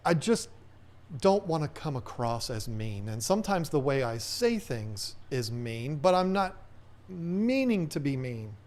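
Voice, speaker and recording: A man's voice: on the high side, big pitch swings, unhurried, darkish tone. A man hosting a casual livestream Q&A, chatting in a rambling way and reading viewer comments aloud. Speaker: host.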